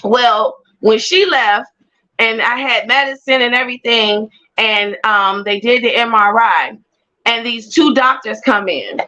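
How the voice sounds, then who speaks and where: A woman telling her personal testimony as an animated storyteller who repeats phrases for emphasis. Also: a little high, a little slow, low-quality recording. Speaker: guest sharing a personal testimony.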